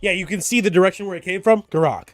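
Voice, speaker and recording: A man acting as game master, narrating a tabletop game in an animated way, often repeating words. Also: high-pitched, fast, dry recording, soft background music.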